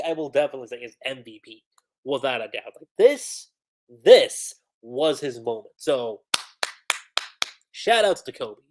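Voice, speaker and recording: A woman streamer reviewing a comic in casual livestream chat, talking in an animated, slangy way and laughing often. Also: sits low.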